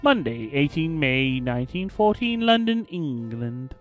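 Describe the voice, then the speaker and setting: A man's voice: a little high, animated, a little slow, soft background music. A man hosting a let's play, commenting casually and reading game text aloud in a theatrical storytelling way. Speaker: gaming channel host.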